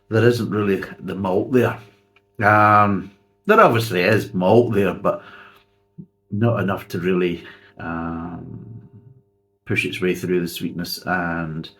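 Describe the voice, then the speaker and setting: A blunt man giving a casual spoken beer review. He is sarcastic and swears freely. His voice is fairly low. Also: fairly bright tone.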